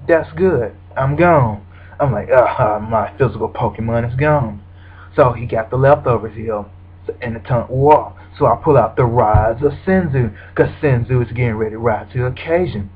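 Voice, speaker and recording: Man, husky voice, casual game commentary, mid-range pitch, acts out his reactions, dull lo-fi sound. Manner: animated play-by-play, acting out his own reactions. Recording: dull lo-fi recording.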